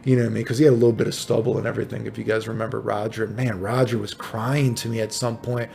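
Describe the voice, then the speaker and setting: A man's voice: on the low side, fast, gravelly, slight background noise. A man casually telling an old tournament story, swearing a lot and padding it with "dude" and "right?". He acts out the exchanges in exasperated, raised bursts. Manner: profane, animated, full of fillers like "dude" and "right?". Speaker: fighting game player telling tournament stories.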